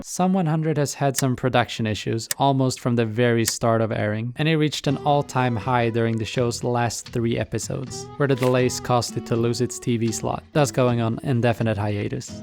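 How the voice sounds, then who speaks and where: A man at a middle pitch talks through a scripted video essay on anime. His delivery is casual and irreverent, and he drops swear words freely. Music plays faintly under his voice. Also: a little mellow.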